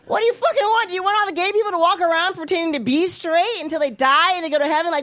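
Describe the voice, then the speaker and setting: A woman in her thirties doing a stand-up set with a high voice. She delivers her bits bluntly and with plenty of profanity, and she lands her lines with punch. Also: lively intonation, fast talker, a bit bright, a faint crowd. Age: 30s. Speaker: stand-up comedian.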